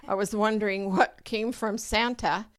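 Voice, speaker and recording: Smooth-voiced older woman telling a story. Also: a little slow, dry recording. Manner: animated, acts out her own past voice in high pitch. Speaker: guest telling a true story. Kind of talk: personal storytelling.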